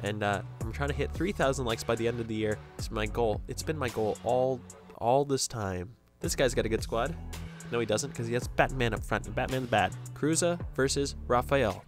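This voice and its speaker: Young man, gaming commentary, excitable, jokey, mid-pitched voice, soft music in background. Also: normal speed. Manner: excitable, jokey, reacts loudly to plays. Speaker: gaming YouTuber. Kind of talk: casual video game commentary.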